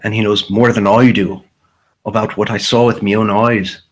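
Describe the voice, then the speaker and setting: A man's voice: fairly low pitch, flat delivery, moderate pace, slight background noise, low-quality recording. A man hosting a casual livestream, rambling and profane, often repeating himself. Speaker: livestream host.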